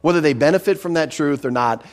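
A man's voice: fairly high pitch, fast talker. Earnest man preaching an expository sermon. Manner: earnest, emphatic, repeats words when starting a phrase. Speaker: pastor.

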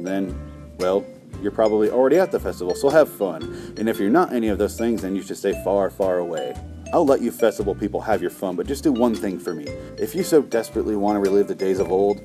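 A man hosting a comedy show, reading a list aloud and going off on a profane, sarcastic, exasperated rant. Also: fairly low pitch. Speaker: comedy podcast host. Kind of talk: ranting comedic commentary reading from a book.

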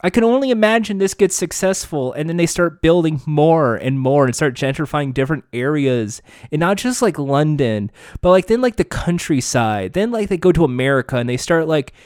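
A man's voice: a little high, animated, normal speed, hardly any pauses, darkish tone, smooth, dry recording. Sarcastic, rambling man with a dry close sound. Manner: sarcastic, rambling, swears often. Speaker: podcast host. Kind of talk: casual commentary reading news.

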